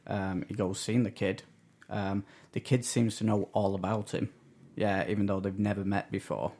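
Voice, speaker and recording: A man's voice: fairly low pitch, little pitch movement, moderate pace, darkish tone. A man, a podcast co-host in casual chat, talking tentatively and ending points with tag questions.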